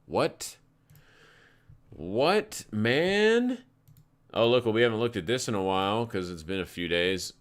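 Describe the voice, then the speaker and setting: A deep, smooth-voiced man talks rapidly with few pauses while hosting a crypto trading livestream. He rambles comfortably through charts and tales, dropping swear words freely.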